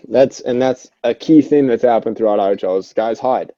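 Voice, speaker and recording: A young man co-hosting a casual podcast about an online hockey league, rambling and excitable, swearing freely and restarting his sentences a lot. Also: medium pitch, normal speed, dry recording. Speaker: podcast co-host. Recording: dull, lo-fi, dry sound.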